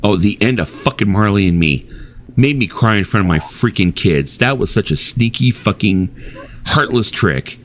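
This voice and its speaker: A man's voice: on the low side, expressive, normal speed, a little hiss or hum. A middle-aged man hosting a casual late-night chat stream, swearing freely and acting out his own reactions as he tells stories. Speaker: stream host.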